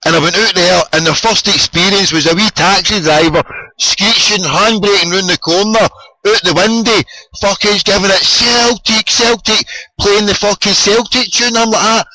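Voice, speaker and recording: A Scottish man telling football-trip stories in a sweary, excitable casual chat. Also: high voice, moderate pace, rough recording.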